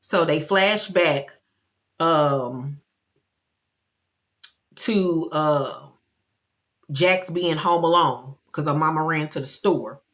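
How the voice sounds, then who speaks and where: A woman with a low voice recaps a TV episode in loose, chatty talk. She is expressive and jumps into the characters' voices now and then. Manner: chatty and expressive, acting out quotes. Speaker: TV show recapper.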